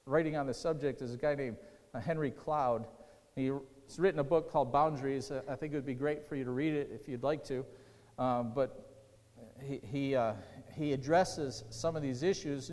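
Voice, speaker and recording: A man with a fairly high voice preaches in a casual, conversational way, repeating key lines and putting questions to his congregation. His voice rings out with a long hall reverb, as in a church sanctuary. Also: darkish tone. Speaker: pastor. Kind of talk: sermon.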